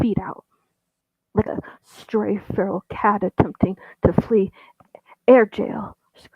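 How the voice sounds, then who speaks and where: A man's voice: sits high, breathy edge, dry recording. Stammering man reading a tense story, tinny audio. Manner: halting, stammering, with many restarts; drops into an unvoiced whisper at times. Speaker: host reading his own story. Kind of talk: first-person story reading. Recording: tinny phone-like audio, dry.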